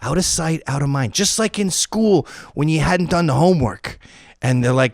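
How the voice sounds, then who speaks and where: A man delivering a profane comedic monologue, acting out screams and quoted voices and dropping into mumbled low asides. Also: normal speed, gravelly, dry recording, clean studio sound. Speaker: comedic host.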